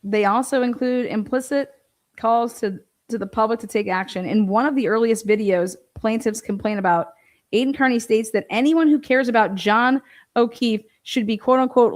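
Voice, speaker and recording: A woman's voice: a little high, normal speed. Profane, sarcastic woman ranting. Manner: mocks others in quoted voices; reads court filings aloud and rebuts them. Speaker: commentator. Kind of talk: ranting commentary on a court case.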